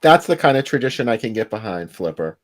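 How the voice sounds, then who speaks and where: Laid-back man co-hosting a chat podcast, relaxed and easy. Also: on the low side, quick pace. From Pittsburgh. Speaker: podcast co-host. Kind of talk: casual chat.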